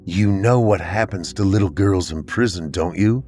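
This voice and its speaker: A man voicing a cold, scheming mother who speaks in a soft, hissing whisper. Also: sits low, normal speed, faint music behind, close to an everyday voice. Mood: coldly soothing.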